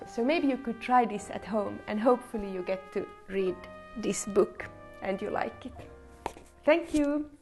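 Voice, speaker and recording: Woman with a gravelly, unhurried voice. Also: medium pitch, faint music behind. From Finland. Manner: gentle, unhurried, talks straight to children. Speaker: children's book author and illustrator. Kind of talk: casual message to children. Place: her living room at home.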